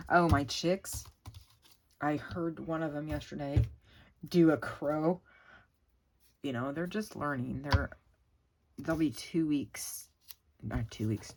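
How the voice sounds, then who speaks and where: Low-voiced chatty woman crafting vlogger. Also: a little slow, long pauses, a little hiss or hum, low-quality recording. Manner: rambling, exclaiming, talking while working. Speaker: crafting channel host.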